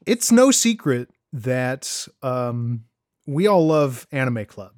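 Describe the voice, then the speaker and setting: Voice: medium pitch, takes it slowly, no echo, clean studio sound. A podcast co-host in casual chat, joking and then reading out recommendations for other shows. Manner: animated, joking, reads out show plugs.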